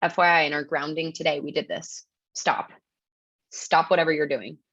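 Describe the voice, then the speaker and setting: Woman with a low voice teaching a webinar, chatty and upbeat, lots of "like" and "right?", muffled lo-fi call audio. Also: fairly even intonation, moderate pace, a bit bright, no echo. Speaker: webinar presenter. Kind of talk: casual teaching talk.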